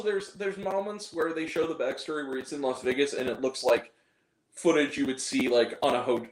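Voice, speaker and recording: Sarcastic, rambling male movie reviewer. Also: mid-range voice. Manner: rambling and sarcastic, full of asides. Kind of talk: casual spoken film review. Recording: roomy echo.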